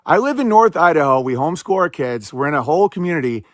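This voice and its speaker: A man hosting a podcast, talking in casual, sarcastic commentary with quick bursts and lots of "like". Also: fairly high pitch, sing-song, dry recording. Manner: rapid, sarcastic, fillers of "like". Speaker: podcast host.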